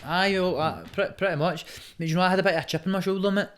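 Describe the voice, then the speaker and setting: A man's voice: sits high, fairly even intonation, fast, a bit bright, clear, resonant tone. A young man with a Scottish accent, chatting as a podcast guest, swearing a lot, emphatic, and ending nearly every sentence with "mate". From Scotland. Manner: says mate constantly, swears heavily, emphatic. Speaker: guest, Muay Thai fighter. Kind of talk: casual podcast chat.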